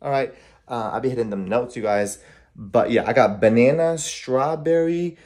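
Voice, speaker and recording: A man's voice: mid-range voice, moderate pace, a little mellow. A young man vlogging casually from his apartment kitchen, chatty and rambling, keeps saying "you guys". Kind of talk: casual vlog chat to camera.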